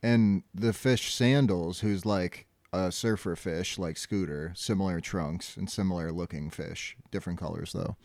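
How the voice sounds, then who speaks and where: Low-voiced rambling podcast man. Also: a little slow, hardly any pauses, a little mellow, no room sound. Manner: rambling, hedging with fillers. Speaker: podcast co-host. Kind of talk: casual episode recap.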